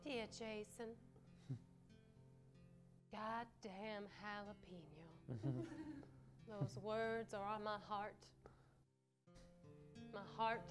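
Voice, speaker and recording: A woman improvising a shy, lovesick woman reading her halting love letter on a live comedy stage. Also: a little high. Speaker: improv performer. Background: live music underscore.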